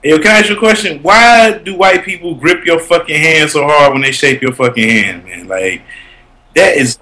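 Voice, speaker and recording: A man chatting casually, telling animated, profane stories about his kids and his job. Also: fairly high pitch, normal speed. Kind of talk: casual chat.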